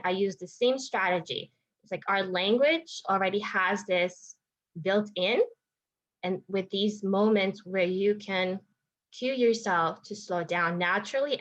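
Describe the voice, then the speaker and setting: A woman's voice: medium pitch, rough recording. A woman speech therapist explaining strategies to parents in an informal, thinking-aloud teaching talk with frequent restarts.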